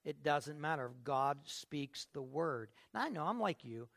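Gravelly, emphatic preacher man. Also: fairly high pitch, animated, unhurried. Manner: emphatic, swings from quiet to loud. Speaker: pastor. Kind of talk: sermon.

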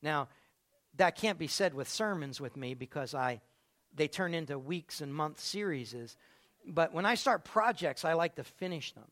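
A man preaching a lively sermon and calling out to listeners by name in a church. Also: a little high, normal speed. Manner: animated, calls on listeners by name. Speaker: pastor.

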